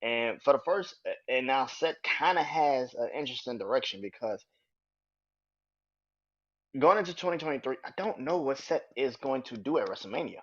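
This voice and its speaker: A man with a bright, forceful voice talks in a loose, excitable way, swearing freely as he goes. The recording sounds dull and lo-fi. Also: medium pitch, normal speed. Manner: excitable, swears freely, quotes wrestlers in loud bursts. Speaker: podcast host. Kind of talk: casual wrestling commentary.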